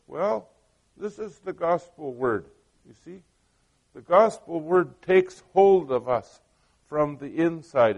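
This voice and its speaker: Middle-aged male pastor, unhurried delivery, chatty storytelling sermon that keeps checking in with the congregation. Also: on the high side, darkish tone, highs cut off. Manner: conversational storytelling with many asides; asks the listeners questions.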